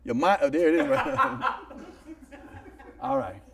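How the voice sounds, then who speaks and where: A man hosting a casual comedy talk show, telling jokes with lively acted-out voices. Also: on the high side, takes it slowly, creaky, recorded from a distance. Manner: animated joke-telling with shouted voices and laughs. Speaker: host.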